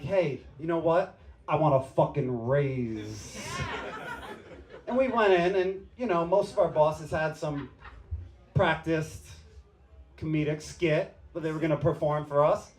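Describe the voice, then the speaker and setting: A man's voice: a little high, normal speed, darkish tone. A man doing a loose, unscripted, self-deprecating stand-up set on a bar stage. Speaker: stand-up comedian. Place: comedy bar stage with live audience.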